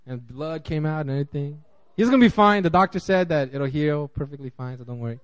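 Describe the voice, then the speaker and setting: Man, pastor, high voice, casual sermon, animated, restarts a lot. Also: fast talker. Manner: animated, acts out quotes, frequent restarts.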